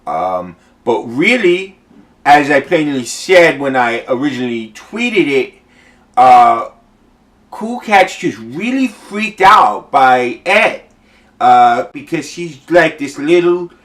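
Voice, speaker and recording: A man rambling through a mock-earnest comedic commentary in a deadpan, filler-heavy way, recorded indoors at home. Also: medium pitch. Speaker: host of an art commentary video.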